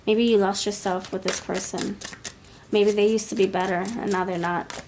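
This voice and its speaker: A woman's voice: mid-range voice, level tone, normal speed, darkish tone, slight background noise. A woman giving a pick-a-card tarot reading, blunt and scolding, thinking aloud as she turns the cards. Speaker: tarot reader.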